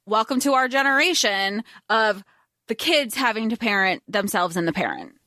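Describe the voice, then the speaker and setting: Young female co-host, wry asides, bright tone, dry close sound. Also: on the high side, big pitch swings, moderate pace, dry recording. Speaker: podcast co-host. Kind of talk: casual chat recapping a movie.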